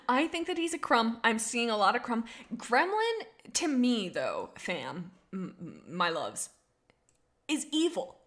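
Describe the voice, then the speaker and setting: Reading viewer comments aloud on a casual stream, a young woman rambles, giggles and bubbles over, often restarting and laughing. She speaks slowly in a fairly high, slightly bright voice whose pitch swoops wildly.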